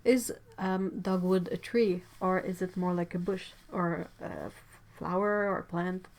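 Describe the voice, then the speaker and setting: A young woman with a stuffy nose, hosting a casual livestream from her home art studio. She chats and giggles, reads out viewer comments, and trails off into soft asides. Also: on the low side, fairly even intonation, unhurried. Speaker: livestream host.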